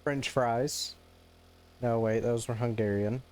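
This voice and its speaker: Joking male game streamer, mid pitch. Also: steady tone, takes it slowly, a little mellow, soft background music. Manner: joking, laughs often, stammers and restarts. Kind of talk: casual live-stream chat.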